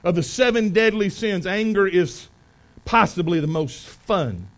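High-voiced pastor preaching with folksy swings. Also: male voice, expressive, a little slow, poor audio. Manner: folksy, swings from loud emphasis to quiet asides. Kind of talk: sermon. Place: church sanctuary.

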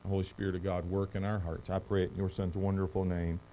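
A man's voice: low-pitched, level tone, quick pace, slight background noise. Emphatic man preaching a sermon. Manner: emphatic preaching, rising loud on key words; soft, hushed prayer. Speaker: pastor. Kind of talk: sermon with scripture reading and prayer.

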